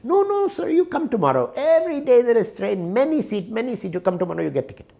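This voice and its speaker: A man's voice: very high-pitched, sing-song, fast, creaky, mellow, voice pushed up, full character voice. A man voicing a polite, evasive male railway ticket clerk, speaking broken English in a put-on Indian accent and repeating himself insistently.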